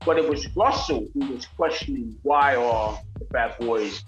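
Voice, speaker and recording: An older man, a rapper being interviewed, telling animated stories and mimicking voices in casual talk. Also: medium pitch, measured pace, muffled recording. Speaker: rapper guest. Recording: roomy sound with faint music.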